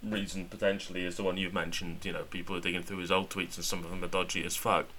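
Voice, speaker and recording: A man co-hosting a chatty podcast, low-pitched but with a bright, forceful tone. He talks in a sardonic way and laughs as he goes. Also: little pitch movement, fast, a little hiss or hum. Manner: sardonic, laughs while talking. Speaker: podcast co-host. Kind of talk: casual chat.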